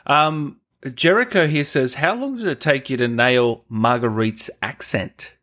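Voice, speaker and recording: Australian host, man, mid pitch, relaxed friendly interviewer. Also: unhurried. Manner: friendly, relaxed, reads viewer questions. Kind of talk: casual interview chat.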